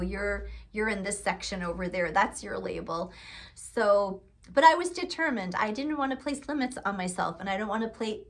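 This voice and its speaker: A woman's voice: mid-range voice, a bit bright. A woman teaching singing, explaining and encouraging between sung vowel demonstrations. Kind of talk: vocal lesson with sung demonstrations.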